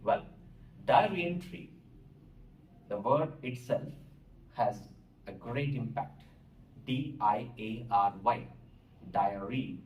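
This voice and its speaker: Slow, deliberate Indian English teacher. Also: male voice, mid-range voice, animated. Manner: slow, deliberate explaining, spelling words out. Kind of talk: classroom lecture. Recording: roomy echo, distant mic, faint hiss.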